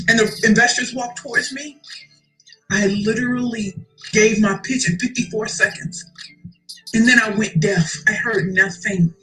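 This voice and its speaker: A woman's voice: fairly high pitch, sharp tone, rough recording. Emphatic woman giving a motivational keynote. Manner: emphatic, preacherly, repeats key phrases, addresses crowd as y'all. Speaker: motivational speaker. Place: live event stage.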